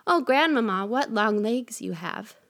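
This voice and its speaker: A woman's voice: medium pitch, moderate pace, a bit bright, close to an everyday voice. A woman voicing a naive, trusting little girl in a storybook reading. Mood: wondering. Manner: wondering, naive. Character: innocent trusting little girl, wide-eyed.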